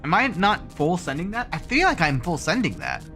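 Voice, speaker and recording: Animated streamer narrating his gameplay. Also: high-pitched. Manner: joking, self-mocking, quick exclamations. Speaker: game streamer. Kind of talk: live gameplay commentary. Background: game music.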